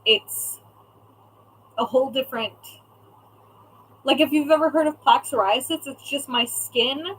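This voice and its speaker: A woman's voice: sits high, a little slow, long pauses, a bit bright, breathy edge, poor audio. A young woman chatting casually on a live stream as a craft shop owner, reading out viewer comments and swearing now and then.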